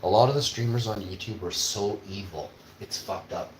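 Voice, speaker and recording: A man on a casual livestream, cooking in his kitchen and swearing constantly as he rants, with sudden loud outbursts. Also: on the low side, normal speed. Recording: roomy with faint background hum.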